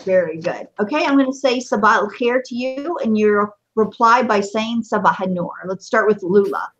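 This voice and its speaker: A woman leads a beginner Arabic lesson with patience, praising her students and saying each phrase again slowly so they can follow. Her voice sits at an ordinary middle pitch. The recording is muffled and lacks crispness. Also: a bit bright. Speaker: Arabic teacher. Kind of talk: teaching a beginner language lesson.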